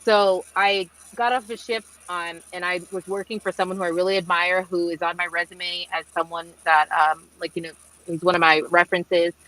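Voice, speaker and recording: Over a video call, a young woman who works as a marine engineer fields webinar questions in a chatty, storytelling manner, packed with fillers and animated quoted dialogue. She speaks in a lowish voice at a moderate pace, and the recording quality is rough.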